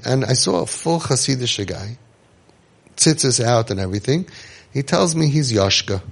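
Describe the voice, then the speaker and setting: Gravelly man giving a storytelling talk. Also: medium pitch, a little mellow. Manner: joking, acts out quoted people. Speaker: inspirational speaker.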